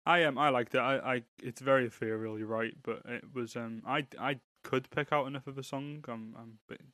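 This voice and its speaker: Male co-host, mid-pitched, loose and jokey, in a dry booth. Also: steady tone, fairly quick, bright, forceful tone, no room sound. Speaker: podcast co-host reviewing music. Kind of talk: casual chat.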